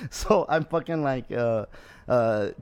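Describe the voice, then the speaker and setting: A man's voice: mid-range voice, very animated, slow pace, darkish tone, smooth. A Mexican-American man co-hosting a casual podcast, a bit tipsy after two beers, rowdy and profane, laughing often. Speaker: podcast co-host. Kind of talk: casual chat.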